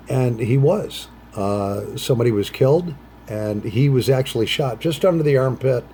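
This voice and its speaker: A middle-aged vlogger smokes a pipe while chatting casually and animatedly at a moderate pace, rambling and trailing off into low mutters. For quoted phrases he jumps into bright, higher voices. There's a little hiss or hum on the audio.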